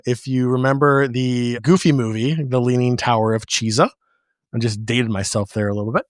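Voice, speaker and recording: A man's voice: medium pitch, steady tone, normal speed, dry recording, clean studio sound. A man from the United States, a podcast co-host, asking earnest questions and laughing easily in a casual interview.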